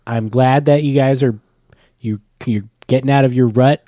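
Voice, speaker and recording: Young man co-hosting, mellow tone, dry close mic, jokey and laughing. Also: medium pitch, fairly even intonation, moderate pace, no room sound. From California. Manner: joking, laughs often. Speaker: podcast co-host. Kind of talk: casual chat.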